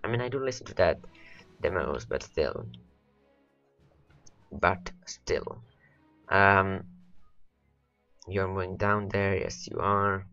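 A man's voice: sits low, takes it slowly, creaky, pauses often, sharp tone, dull audio, faint music behind. A man rambling through gameplay commentary, his voice worn and cracking from hours of talking, repeating words as he talks to his units. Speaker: let's play host.

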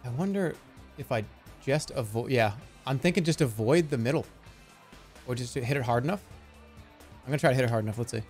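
A male streamer in his thirties talks through a game at a home desk mic, in casual commentary. His delivery swings widely in pitch, animated and disbelieving by turns, and soft game music plays faintly behind him. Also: brisk, long pauses. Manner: animated, incredulous, jokey.

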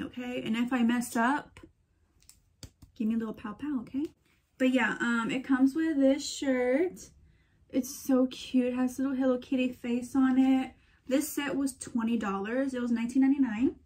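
A young woman vlogger chatting excitedly to her viewers about what she bought, calling them girl and y'all. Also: on the high side, a little hiss or hum. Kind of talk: casual haul vlog chat.

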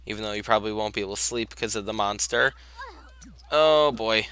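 A young man with a bright, forceful voice talks his way through a life-sim game, telling his characters what to do next. His commentary is loose and chatty, and he breaks now and then into exasperated outbursts. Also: on the low side, a little fast, clear, resonant tone. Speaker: gameplay commentator. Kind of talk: casual let's-play commentary.

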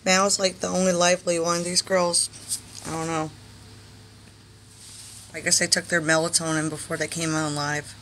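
A woman hosting a casual live stream with her pet chinchillas, coaxing them in soft baby talk and chatting to viewers. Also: on the low side, flat delivery, normal speed, pauses often, slight background noise.

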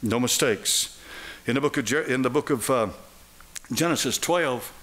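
A man's voice: mid-range voice, normal speed, a bit bright. An older man preaching a sermon in church, firing rhetorical questions at the congregation. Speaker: pastor. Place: church sanctuary.

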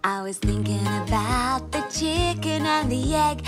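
Woman kids' presenter, high lively sing-song, slow delivery. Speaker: children's TV presenter. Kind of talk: singing children's show. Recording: loud music bed.

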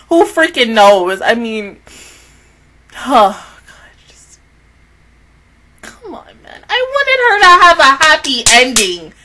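A woman's voice: a little high, sharp tone. A young woman reacting to an anime episode on her channel, exasperated and swearing, sighing and trailing off between broken sentences. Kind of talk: emotional reaction vlog.

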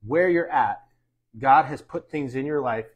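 Male pastor, middle-aged, from the US, husky voice, folksy teaching. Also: medium pitch, measured pace, lo-fi sound. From United States. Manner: folksy, uses sports analogies, asks "Amen?". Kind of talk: conversational sermon teaching.

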